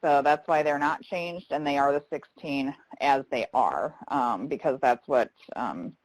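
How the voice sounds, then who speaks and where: A woman's voice: extremely low pitch, measured pace, no room sound, poor audio. A woman trainer running a live online training session, talking conversationally and reading chat comments aloud with frequent ums.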